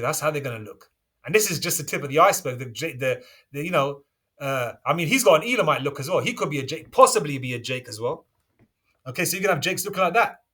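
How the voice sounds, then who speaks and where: A man with a fairly high voice delivers a preaching lecture, reading scripture aloud between points. He keeps checking in with his listeners, and his emphasis comes in sudden loud bursts. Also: husky. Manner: checks in with listeners constantly, asking "okay?" and "all right?". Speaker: religious teacher.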